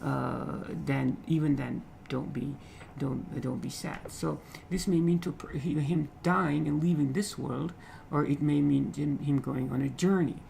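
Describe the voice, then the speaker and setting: A man's voice: fairly high pitch, fairly even intonation, a little slow, gravelly, hardly any pauses, dark tone, slight background noise, low-quality recording. A man teaching literature, explaining a poem line by line, repeating phrases and often checking in with "okay?".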